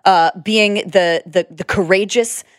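A woman's voice: medium pitch, steady tone, measured pace, no room sound, studio quality. A young woman co-hosting a podcast, bubbly and guiding the chat with easy laughter. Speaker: podcast co-host. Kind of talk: casual chat.

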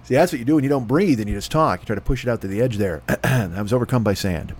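Riffing man with a lively voice. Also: mid-range voice, quick pace, breathy edge. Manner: riffing, profane, mock announcer voices. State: dry throat. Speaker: podcast host. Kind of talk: comedic rambling ad read.

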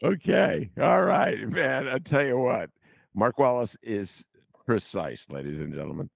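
An older man hosting a casual political talk show, joking and swooping into high teasing asides. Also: sing-song, a little slow, gravelly, no room sound, studio quality. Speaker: podcast host.

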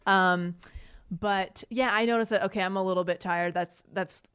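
A woman's voice: mid-range voice, fairly even intonation, moderate pace, a bit bright, clear, resonant tone. A woman in her late twenties co-hosting a podcast, talking candidly and casually and swearing freely. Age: late 20s. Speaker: podcast co-host. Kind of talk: casual chat.

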